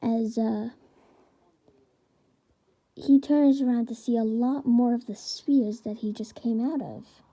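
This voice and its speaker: A woman's voice: on the high side, steady tone, slow pace, long pauses, warm tone, low-quality recording. A woman improvising a fan story as narrator, hesitant with many fillers and restarts.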